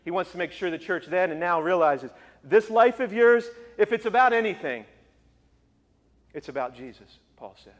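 A man's voice: sits high, lively intonation, moderate pace. Emphatic male pastor in a reverberant hall. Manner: emphatic, rising to forceful repetition. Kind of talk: sermon.

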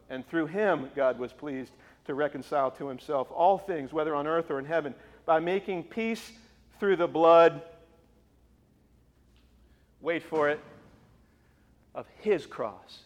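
A man preaching a sermon as pastor, emphatic, with forceful repeated phrases. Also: mid-range voice, long reverb tail. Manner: emphatic, rising to forceful repetition.

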